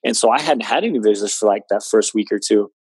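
A man's voice: fairly low pitch, fast talker, darkish tone, breathy edge, dry recording. A man in his late twenties earnestly recounting a personal story in conversation, with many fillers. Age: 20s. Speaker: guest telling his story.

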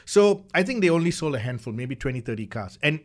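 A man chatting casually as a car reviewer, animated and often repeating words as he builds a point. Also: a little high, quick pace. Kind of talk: casual chat.

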